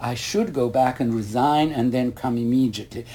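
Older man, interviewee, mellow, rambling anecdotal storyteller full of asides. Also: mid-range voice, normal speed, slightly rough. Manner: rambling anecdotal, quotes others, many asides. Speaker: interviewee, retired ballet master.

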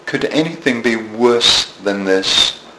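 A Scottish man in his seventies tells self-mocking anecdotes in an interview, often restarting his sentences. His medium-pitched voice is pushed and bright, and he takes his time. The room is echoey with a little background noise.

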